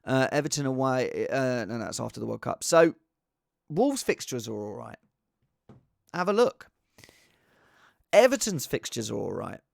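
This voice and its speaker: A man's voice: mid-range voice, sing-song, measured pace, creaky, long pauses, dry recording. A man chatting casually on his own as a fantasy football vlogger, rambling with restarts and asides. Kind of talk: casual solo chat.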